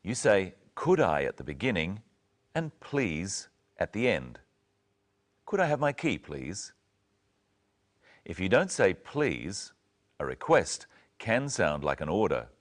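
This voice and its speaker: A man with a deep voice presents an English lesson. His speech moves up and down expressively as he carefully models each phrase. The delivery is slow and deliberate. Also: very animated. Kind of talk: slow, clear teaching narration.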